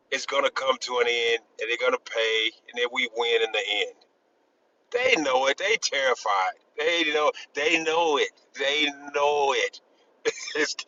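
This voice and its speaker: A man in a casual group discussion, talking in a rambling, halting way with many restarts and emphatic bursts. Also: medium pitch, sharp tone, lo-fi sound. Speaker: discussion panelist.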